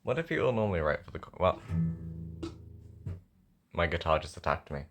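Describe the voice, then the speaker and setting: Over music, a young man with a low-pitched, sing-song voice talks fairly quickly while writing a song at home. He has a sore throat, and his casual chat is rambling and self-mocking, full of thinking aloud.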